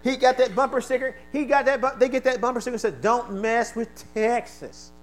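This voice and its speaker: A male pastor preaching a sermon, leading call-and-response and swinging from quiet asides to shouted exclamations, originally from the American East Coast. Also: very high voice, fairly even intonation, rapid-fire, soft background music, poor audio.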